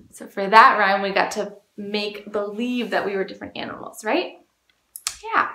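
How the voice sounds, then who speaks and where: A woman children's librarian leading a storytime, talking to young children in an animated, sing-song way. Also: mid-range voice, moderate pace. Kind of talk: children's storytime reading and singing. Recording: echoey room.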